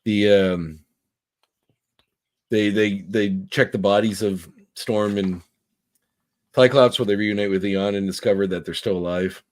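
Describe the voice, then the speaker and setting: On this casual comic review podcast, a male co-host recaps the story in a rambling way, full of fillers and restarts, reading quotes aloud. He speaks a little slowly in a lowish, steady tone and pauses often.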